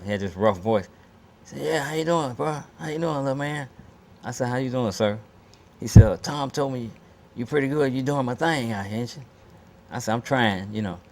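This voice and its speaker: A man telling a story with life, acting out quotes and laughing as he goes. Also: lowish voice. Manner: animated, acts out quotes, laughs while telling. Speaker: interviewee, former performer. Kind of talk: lively storytelling.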